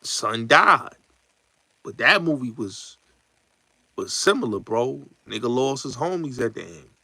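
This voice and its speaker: A man, hosting a show, chatting casually and acting out movie lines in slangy, animated talk. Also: mid-range voice, unhurried, vocal fry, breathy edge, no echo. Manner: slangy, repeats yo and son. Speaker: show host.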